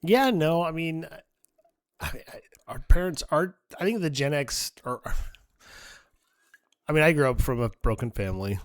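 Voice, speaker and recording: A man's voice: fairly high pitch, expressive, moderate pace, pauses often, no room sound, studio quality. A man in his forties co-hosting a casual chat, a blunt and profane storyteller. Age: 40s. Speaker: podcast co-host.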